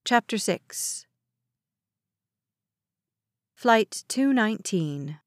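A woman giving measured, expressive scripted narration of a thriller audiobook. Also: mid-range voice, no room sound, clean studio sound.

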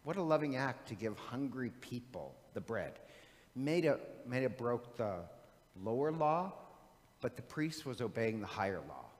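Man, preacher, conversational sermon, humorous storytelling, middle pitch, long church reverb. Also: big pitch swings, measured pace.

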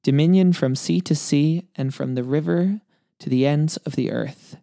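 A man reading multiple-choice quiz questions aloud in a relaxed, casual chat, then talking over the answers. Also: fairly high pitch, normal speed, creaky, no echo. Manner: reads options steadily, relaxed and dry. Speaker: quiz reader, co-host.

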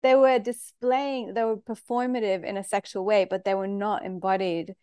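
Woman, podcast host, animated, candid storyteller, mid-pitched, dry close sound. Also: normal speed, clean tone, no echo. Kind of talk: conversational podcast interview.

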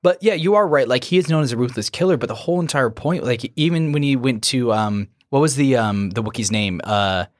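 A man's voice: medium pitch, a little fast, hardly any pauses, no room sound, studio quality. A man co-hosting a podcast in casual chat, eagerly explaining details and trivia. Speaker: podcast co-host.

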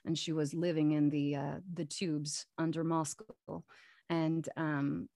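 Give me a woman with a low-pitched voice, chatting as a guest in an interview. She is animated and full of fillers and restarts, and the recording is dry and close. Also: takes it slowly, dry recording. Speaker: voice actress guest. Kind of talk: casual interview chat.

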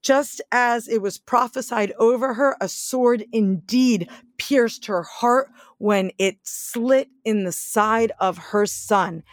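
A woman's voice: on the high side, slow, no room sound, clean studio sound. A woman preaching a sermon in an earnest, pleading way that builds to emphatic questions.

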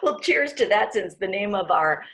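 A woman's voice: mid-range voice, very animated, moderate pace, fairly bright tone. A woman hosting a podcast, affirming her guest and laughing often. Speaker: podcast host. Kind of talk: podcast interview.

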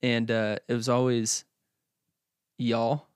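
A man from Oklahoma who now talks, co-hosting a podcast in relaxed, chatty conversation with frequent laughter. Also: mid-range voice, slow pace, smooth, dry recording, clean studio sound. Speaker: podcast co-host. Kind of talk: casual chat.

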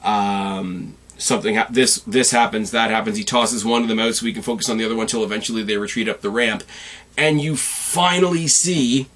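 A man hosting a casual podcast, recapping events with opinionated, animated rants and sudden excited jumps in his voice. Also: fairly quick. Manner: jumps sharply up in pitch when excited. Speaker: podcast host.

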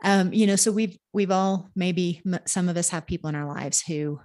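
A woman's voice: fairly low pitch, normal speed, a little mellow. A woman guest, an intuitive and medium, talking earnestly and reflectively about life purpose and acting out family voices. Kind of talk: spiritual advice conversation.

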